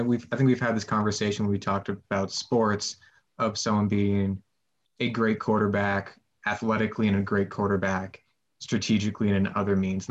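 A man hosting a casual podcast, asking long, curious questions. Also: fairly low pitch. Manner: inquisitive, asks long questions. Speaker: podcast host. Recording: dull lo-fi sound.

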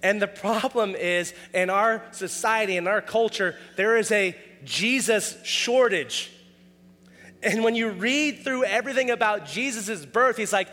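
A man preaches with a high, bright voice and an animated, casual delivery, and he often acts out quoted dialogue with a raised voice. His words ring with long reverb, and faint music plays beneath them. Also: measured pace. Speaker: pastor. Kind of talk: sermon.

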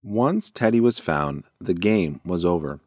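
Lively low-voiced man reading a story. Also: a little slow, no echo, studio quality. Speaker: narrator.

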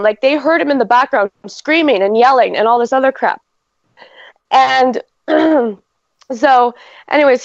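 A woman's voice: on the high side, no room sound, muffled recording. A woman and mother, telling a story in casual chat, rambling with lots of "like" and swearing.

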